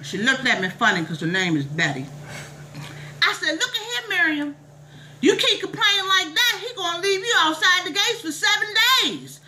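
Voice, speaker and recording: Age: middle-aged. Figure: a woman playing a shrill, preachy church lady. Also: animated, sharp tone, a little hiss or hum, exaggerated voice, poor audio. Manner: exclamatory, sermonizing, drawn-out drawl. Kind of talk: comic monologue storytelling.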